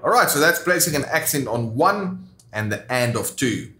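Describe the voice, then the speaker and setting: A man's voice: mid-range voice, sing-song, normal speed, bright, forceful tone, echoey room. A man teaching rhythm guitar, explaining steps plainly and counting beats aloud. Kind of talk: instructional lesson.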